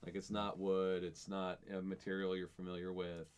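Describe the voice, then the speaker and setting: Low-voiced man running a tabletop game. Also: monotone, smooth. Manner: casual, halting with restarts. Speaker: game master.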